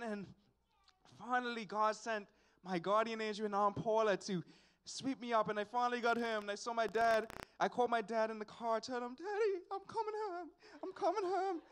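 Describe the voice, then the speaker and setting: A young man, telling a personal testimony at a church service in an animated, repetitive storytelling way with sighs and asides. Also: sits high, clean tone. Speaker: church member giving a testimony.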